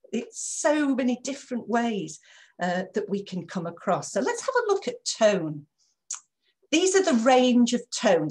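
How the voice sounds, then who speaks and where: A lively woman trainer teaching over a video call at a medium pitch. She is encouraging and keeps asking her listeners for quick responses. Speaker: corporate trainer. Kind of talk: live online training session.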